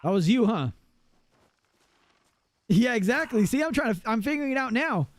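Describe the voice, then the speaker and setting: A man chatting casually on a live gaming stream, excitable and profane, laughing often. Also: extremely high pitch, moderate pace.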